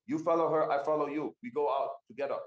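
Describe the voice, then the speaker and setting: A man's voice: fairly high pitch, steady tone, quick pace, roomy sound, highs cut off, pitched above the performer's own voice, close to an everyday voice. A man voicing a big cat-man knight in plate armor who talks in broken, simple sentences. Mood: gruff.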